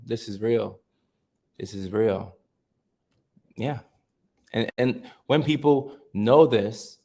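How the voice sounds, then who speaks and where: A man hosting a casual livestream, chatting with viewers, reading their comments aloud and repeating himself in a relaxed way. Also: mid-range voice, gravelly. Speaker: livestream host.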